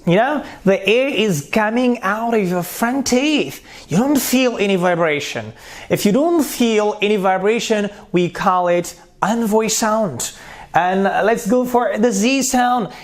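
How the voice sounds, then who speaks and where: A man teaching pronunciation, repeating terms and sounding out consonants one by one. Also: very high voice. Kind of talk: slow spoken lesson.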